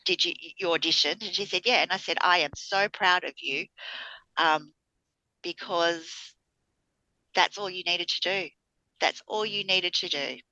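A woman's voice: fairly low pitch, measured pace, pauses often, pushed and bright, no echo, poor audio. A middle-aged woman, co-hosting a podcast in casual chat and acting out the people she quotes as she tells a story. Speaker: podcast co-host.

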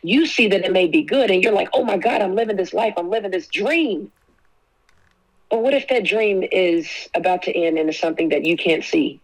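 A woman's voice: medium pitch, poor audio. Emphatic woman preaching on faith. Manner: emphatic, repeats key phrases, speaks prayers aloud. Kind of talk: preaching-style faith talk.

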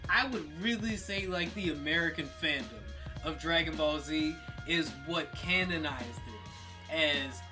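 A man's voice: on the high side, measured pace, over music. A man co-hosting a podcast in casual banter, joking and arguing. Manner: joking, argumentative. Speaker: podcast co-host.

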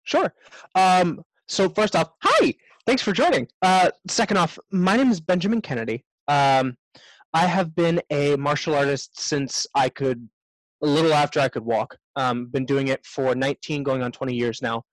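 A young man in his twenties speaks as a podcast guest, relaxed and loose with frequent "um"s. The recording is dry and close, with no room echo. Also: fairly high pitch, moderate pace. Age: 20s. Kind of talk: casual interview answers.

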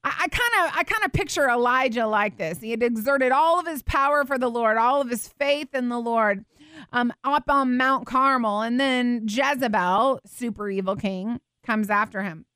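A woman's voice: on the high side, normal speed, bright, forceful tone, smooth, no echo, clean studio sound. A woman hosting a faith show, teaching earnestly and tenderly and reading scripture aloud with expression. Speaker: show host teaching the Bible.

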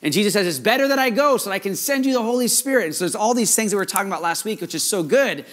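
A male pastor preaching a sermon in an excitable, fast-running way, with many restarts. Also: sits high.

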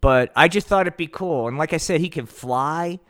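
A man's voice: fairly high pitch, moderate pace, a bit bright, no echo, studio quality. A man hosting a podcast, improvising a comic puppet show and chatting in a loose, profane, rambling way. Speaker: podcast host.

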